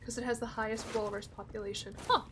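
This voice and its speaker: A woman's voice: on the high side, little pitch movement, quick pace, fairly bright tone, a little hiss or hum. A young woman streaming a game, chatting casually with her viewers and swearing freely. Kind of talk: casual gameplay commentary.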